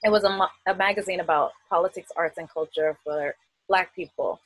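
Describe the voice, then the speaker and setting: A woman's voice: fairly low pitch, brisk, no room sound, poor audio. A middle-aged woman with a Queens accent, chatting in a video-call interview, laughing often and using many fillers. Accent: New York, Queens. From United States. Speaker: festival artist guest. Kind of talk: casual interview.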